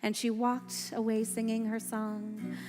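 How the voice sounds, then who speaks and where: A woman's voice: a little high, monotone, measured pace. A woman telling a story to children at a family service, playful and quizzing them with questions. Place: synagogue sanctuary. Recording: echoey hall with faint music.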